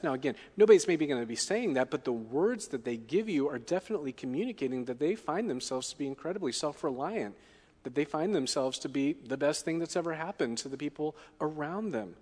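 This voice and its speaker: A man's voice: a little high, animated, fairly quick, a little mellow. A man preaching a sermon as a pastor, often asking the congregation questions. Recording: long hall reverb.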